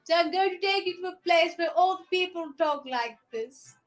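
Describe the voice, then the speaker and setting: A woman's voice: very high-pitched, unhurried, a bit bright, soft background music, voice pushed up. A young woman hosting a children's show while putting on a London-style voice, hammy and theatrical.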